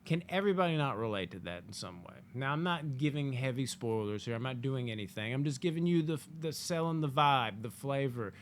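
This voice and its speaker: A man from the United States giving a casual spoken movie review, animated and profane, acting out quotes in jokey asides. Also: medium pitch, a little fast, hardly any pauses, a little hiss or hum.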